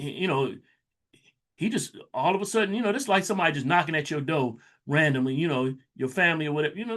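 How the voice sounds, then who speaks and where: A man reading scripture aloud slowly and stopping to explain it in loose, conversational asides, like a Bible teacher. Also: on the high side, fairly bright tone. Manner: reads verses slowly, then breaks into loose conversational asides. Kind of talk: scripture reading with casual commentary.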